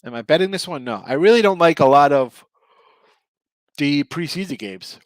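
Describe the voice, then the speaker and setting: A man's voice: a little high, animated, normal speed, no room sound. A middle-aged man hosting a sports betting show, chatting casually with viewers, rambling and correcting himself, a bit tired. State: tired, yawning. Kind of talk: casual livestream chat.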